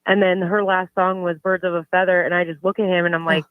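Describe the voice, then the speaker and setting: A woman's voice: on the low side, quick pace, dry recording. Heartfelt woman caller, dull line. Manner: heartfelt, animated storytelling. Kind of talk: casual phone-in chat.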